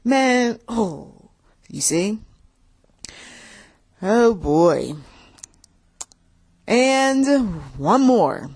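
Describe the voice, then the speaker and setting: A woman with a fairly high, slightly mellow voice hosts a casual faith-based talk about relationships, with wide pitch swings, stretched-out words, and long pauses. She laughs often and acts out both sides of arguments in quoted voices.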